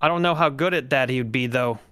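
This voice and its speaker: Bright-voiced hesitant man playing a character. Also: mid-range voice, quick pace, clean tone. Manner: hesitant, full of "you know" and "uh". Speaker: player. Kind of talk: in-character tabletop play.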